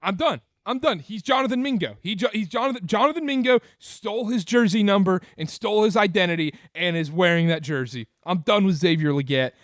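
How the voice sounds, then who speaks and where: A man's voice: sits high, brisk, few pauses, no room sound, clean studio sound. A man hosting a casual sports podcast, talking emphatically and repeating his points. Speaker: podcast host.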